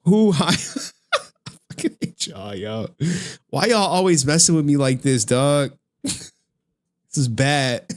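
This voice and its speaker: A man's voice: medium pitch, animated, slow pace, long pauses. A man doing a live stream and talking casually to his chat, profane, chatty and exasperated.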